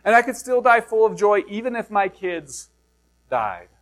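A middle-aged man preaching a sermon, reading scripture slowly, then explaining it in a conversational way with rhetorical questions and self-deprecating asides. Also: high voice, sing-song, a bit bright. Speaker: pastor.

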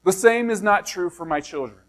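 Middle-aged male pastor, high voice, chatty sermon delivery with rhetorical questions. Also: a bit bright. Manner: reads scripture slowly and low, then preaches conversationally with rhetorical questions; self-deprecating asides.

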